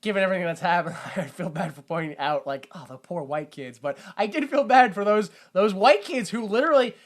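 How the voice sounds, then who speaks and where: Young male podcast co-host; animated, jokey movie recapper who swings into loud disbelief. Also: sits high, brisk. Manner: animated retelling with loud mock-confused outbursts. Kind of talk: casual movie-recap chat.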